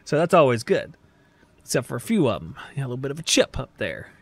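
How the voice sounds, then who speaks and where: A man's voice: medium pitch, sing-song, fast talker, creaky, slightly rough, no echo. A man from the American South hosting a trade podcast in a casual, rambling, joking monologue. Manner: joking, rambling, self-deprecating. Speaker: podcast host.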